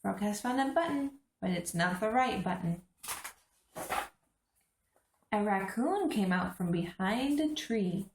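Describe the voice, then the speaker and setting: A woman reading a children's story aloud in a teacherly way, stopping to explain what the pictures show. Her voice has a gravelly edge, and the echoey room rings around it. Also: mid-range voice, lively intonation, moderate pace, noisy background. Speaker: host reading to English learners. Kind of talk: children's book read-aloud.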